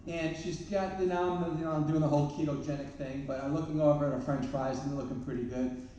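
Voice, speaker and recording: A man's voice: on the high side, fairly even intonation, brisk, mellow, a little hiss or hum. A man, a therapist and parenting speaker, giving a humorous live talk full of self-deprecating stories. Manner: storytelling with self-deprecating jokes. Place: large event hall. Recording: echoey hall, distant mic.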